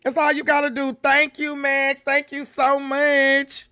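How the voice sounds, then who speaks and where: A woman's voice: sits high, monotone, measured pace, bright, forceful tone, dry recording, clean studio sound. A middle-aged woman hosting a live reaction stream, chatting casually with viewers and reading the chat aloud, laughing often. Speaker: livestream reaction host.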